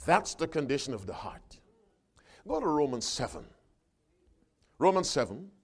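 A man preaching a sermon, reading scripture aloud with his congregation and calling for responses, loud and emphatic on the verses and quieter between them. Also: on the high side, big pitch swings, measured pace, husky.

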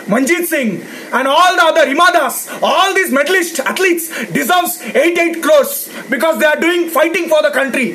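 A man with an Indian English accent, ranting angrily to camera, shouting, swearing and repeating himself with sarcastic jabs. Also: very high voice, slight background noise, poor audio. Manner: mocking sarcastic drops. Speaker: ranting cricket fan. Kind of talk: angry rant to camera.

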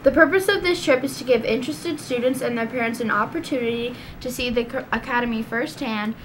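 A woman reading school announcements in a steady, informative way. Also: fairly high pitch, fairly quick, slight background noise.

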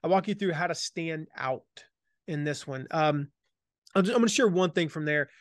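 A man with a slightly higher voice talks with energy and leans hard on his main points, a trace of a Southern American accent still in his words. He speaks as an author guest in an interview. The sound is dry and close, with no room around it. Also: normal speed, no echo. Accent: slight Southern American, faded by Midwest years. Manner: energetic, emphatic, repeats key phrases. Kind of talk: conversational interview.

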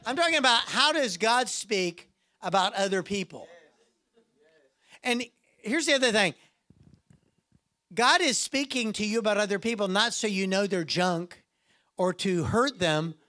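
A man's voice: sits high, expressive, unhurried, long pauses, pushed and bright. A man preaching a sermon to a congregation, playful and self-mocking, often acting out quoted voices. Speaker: pastor.

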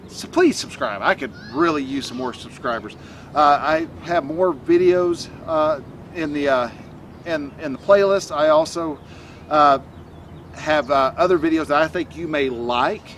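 A man's voice: on the high side, fairly bright tone, far from the mic, slight background noise. A man speaking casually to camera as a self-help coach, rambling and restarting often with many fillers. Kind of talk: casual motivational talk to camera.

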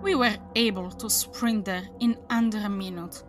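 A woman's voice: mid-range voice, steady tone, normal speed, faint music behind. A woman narrating a horror story aloud, voicing the characters as she reads. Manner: dramatic reading, voices the characters.

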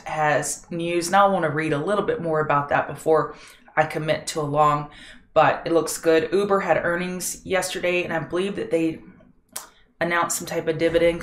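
Brisk woman giving a market recap. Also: deep voice, a bit bright, reverberant. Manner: brisk, matter-of-fact, full of trading jargon. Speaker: trading show host.

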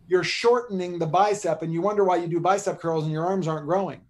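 Animated joking man coaching posture. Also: high voice, fast talker. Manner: animated, joking, teaches by demonstration. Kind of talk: energetic coaching talk.

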